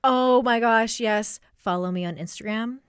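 A woman's voice: a little high, normal speed, clear, resonant tone, dry recording, clean studio sound. A woman who is a guest on a casual radio chat, teasing and giggly.

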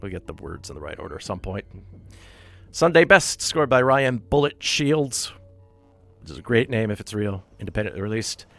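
A man's voice: on the low side, sing-song, moderate pace, creaky, fairly bright tone. A man hosting a radio show, reading out a list of soundtrack releases in a casual, wry way and correcting himself as he goes. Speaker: radio host.

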